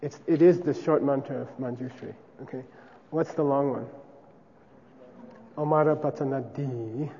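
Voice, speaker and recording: A man's voice: mid-range voice, steady tone, moderate pace, mellow, big-room sound, muffled recording, a little hiss or hum. A man teaching a class casually, often checking with "okay?" and demonstrating chants aloud.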